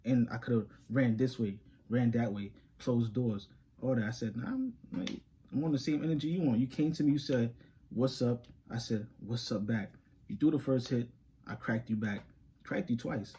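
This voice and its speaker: A young man, telling a story to camera in animated, slangy street talk and laughing often. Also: mid-range voice, normal speed, a little hiss or hum. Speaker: reaction channel host.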